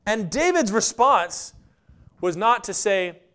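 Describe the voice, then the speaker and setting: A male pastor preaching a sermon in an animated way, acting out the characters in the story. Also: sits high, slow pace, smooth. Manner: animated, acts out the scripture characters.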